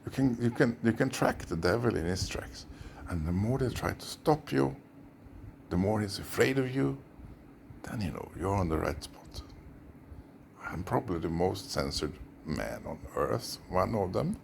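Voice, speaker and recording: A man's voice: deep voice, animated, a little slow, creaky, slight background noise. A man with a Swedish accent, a former therapist, delivering a rambling, intense monologue that sometimes drops into a whisper. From Sweden. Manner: intense, conspiratorial, lapsing into whispers.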